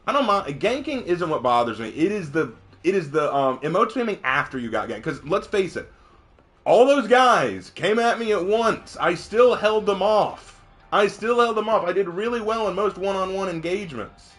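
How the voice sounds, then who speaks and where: Chatty male game streamer, slightly high. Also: moderate pace, faint music behind. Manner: chatty, laughs often, animated storytelling. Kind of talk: casual gaming commentary.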